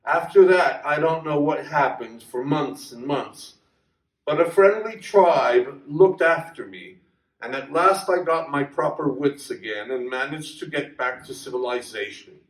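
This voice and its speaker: A quiet, resigned young man, scarred and wounded, speaks in soft subdued tones, as a man reading a story voices him. The delivery is slow. The sound is roomy and distant from the mic. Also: a little high, lightly acted.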